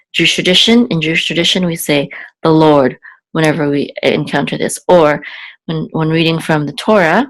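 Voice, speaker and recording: Low-voiced woman teaching Hebrew reading. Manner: patient, repeats syllables slowly. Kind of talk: slow word-by-word reading lesson.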